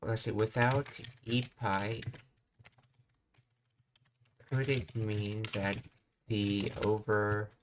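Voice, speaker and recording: Male tutor, low steady voice, talks through grammar notes with pauses and fillers. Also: slight background noise. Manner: thinks aloud with fillers, reads explanations. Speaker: language teacher. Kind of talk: casual language lesson.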